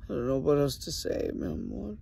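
A man recording a soft, halting late-night video diary while grieving and worn out. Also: fairly high pitch, expressive, vocal fry, husky. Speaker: vlogger. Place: small private sleeping area, indoors.

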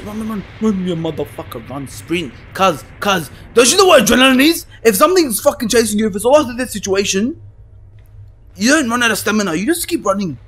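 A young man playing a horror game, swearing and panicking as he yells at the screen. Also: sits high, lively intonation, fairly quick, a little hiss or hum. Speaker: gaming YouTuber. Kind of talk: horror game let's play.

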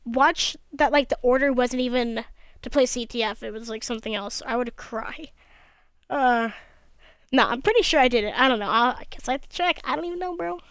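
A young woman who makes gaming videos talks over her own gameplay into a headset, her slight lisp audible as she grumbles tiredly and mumbles to herself. Her slightly high voice moves a little fast and sounds a bit bright, clear, and resonant in clean studio audio with no echo.

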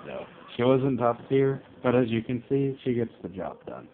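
A man commenting on his own gameplay, grumbling about opponents and shouting out attack names. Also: mid-range voice, very animated, moderate pace, few pauses. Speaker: let's play gamer. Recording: tinny lo-fi mic with faint hiss.

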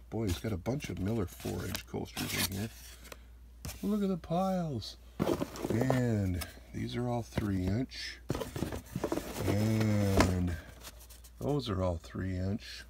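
Slow-talking man excitedly unboxing. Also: on the low side, creaky, heavy background noise. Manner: excited, exclaiming over each find. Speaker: beer collectible collector. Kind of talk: unboxing vlog.

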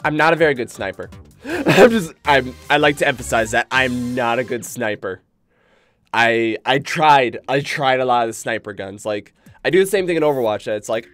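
Excitable man streaming a game. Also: mid-range voice, moderate pace, soft background music. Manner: excitable, easily spooked, rambling. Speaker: gaming streamer. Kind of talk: live gameplay commentary.

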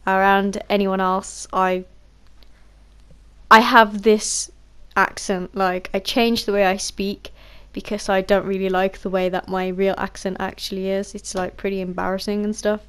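A woman's voice: medium pitch, level tone, unhurried, fairly bright tone, smooth. A woman from the Black Country, a gaming vlogger, chatting over game voice chat at home on a headset mic in a rambling, chatty way, laughing often. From Black Country, England.

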